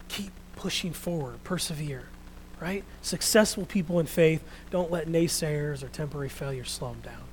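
A man's voice: fairly high pitch, low-quality recording. Earnest man preaching, light hum. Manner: earnest, animated, drops to a hush for quotes. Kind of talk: sermon.

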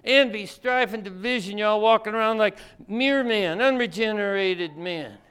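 A man with a high, smooth and resonant voice delivers a folksy Bible-teaching sermon. He talks in a loose, colloquial way and keeps firing rhetorical questions at his listeners. His voice stays clear and ringing throughout. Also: normal speed, fairly bright tone. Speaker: preacher.

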